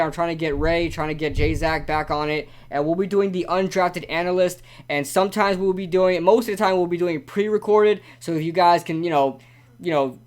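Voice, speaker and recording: A man's voice: a little high, smooth. A young man hosting a casual live-stream sports talk show, rambling and ranting animatedly with lots of repeats.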